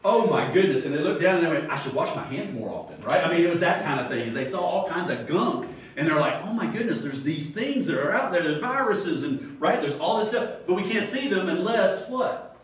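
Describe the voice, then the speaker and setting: A man preaching in an animated, storytelling way and acting out the people in his stories. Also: on the high side, brisk. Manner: animated storytelling, acts out quotes. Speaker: Sunday school teacher. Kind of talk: sermon. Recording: very echoey room, far from mic.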